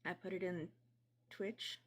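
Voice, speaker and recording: A woman's voice: fairly low pitch, steady tone, a little slow, slight background noise. A woman on a livestream chat, talking earnestly and reflectively. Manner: earnest, reflective, talks things through. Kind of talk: casual chat.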